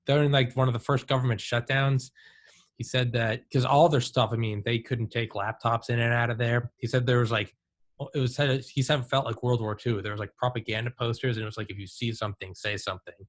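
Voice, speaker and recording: A man's voice: medium pitch, a little fast. A man in his thirties hosting a casual talk, telling stories with lots of "like" and "dude". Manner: animated storyteller, says "dude" and "like". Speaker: podcast host. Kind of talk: casual conversation.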